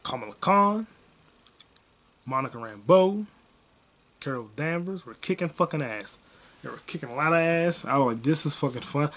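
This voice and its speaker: A young man hosting a podcast alone, ranting about a movie in a profane, rambling way, with bursts of excitement. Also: a little high, normal speed, long pauses. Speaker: podcast host. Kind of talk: casual solo movie review rant.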